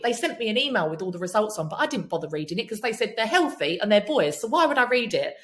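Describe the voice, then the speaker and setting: A woman's voice: mid-range voice, lively intonation, fast talker, hardly any pauses, fairly bright tone. A woman guesting on a podcast, telling personal stories in a candid, emphatic way and swearing freely. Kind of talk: candid storytelling chat.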